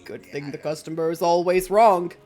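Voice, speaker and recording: Woman putting on a low, teasing merchant drawl. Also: normal speed, dark tone, soft background music, close to an everyday voice. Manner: low New York-style drawl, teasing. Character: sly, lazy male junk merchant in a low drawl. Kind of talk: voicing game characters on a stream.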